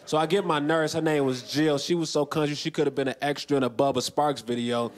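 A man in his twenties doing a stand-up comedy set on a festival stage, dry and deadpan, breaking into loud shouted voices. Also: fairly high pitch, brisk. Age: 20s. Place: large festival stage with a laughing audience.

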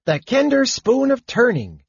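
A tiny, cheerful old kender who squeaks and shouts eagerly, his voice leaping far above a normal man's. The recording is dull and dry, with a husky grain underneath. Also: wildly swooping pitch, unhurried, no echo, full character voice. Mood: proud chatty. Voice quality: high squeaky. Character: excitable old male kender, small and cheerful.

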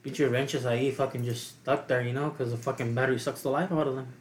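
A young man bantering on a casual podcast in a blunt, swearing manner. His voice is mid-pitched, with a faint hum of room ambience behind it. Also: steady tone, fast. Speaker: podcast co-host. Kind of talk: casual chat.

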